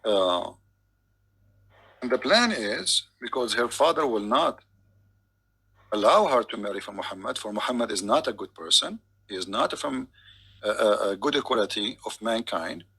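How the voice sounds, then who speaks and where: Insistent male debater with a bright, husky, gravelly voice who lectures and keeps cutting in. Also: on the low side, animated, moderate pace, poor audio. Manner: insistent, repeats "my friend". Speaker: debate host. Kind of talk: heated online debate.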